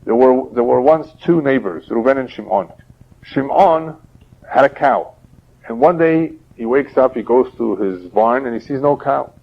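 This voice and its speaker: A man, a rabbi, giving a religious lecture and teaching through parables in a steady, explaining way. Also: medium pitch, moderate pace, gravelly. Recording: dull lo-fi older audio.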